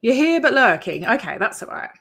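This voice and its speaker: A woman's voice: fairly high pitch, big pitch swings, a little fast, vocal fry, fairly bright tone. Chatty Australian woman livestreaming. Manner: chatty, rambling, greets viewers by name. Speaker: YouTube channel host. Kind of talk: casual livestream chat.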